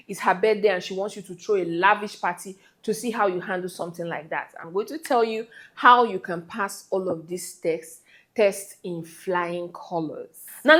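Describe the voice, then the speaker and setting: A woman's voice: mid-range voice, fairly bright tone. A woman giving relationship advice straight to her viewers in an emphatic, scolding way. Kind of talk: direct-to-camera advice talk.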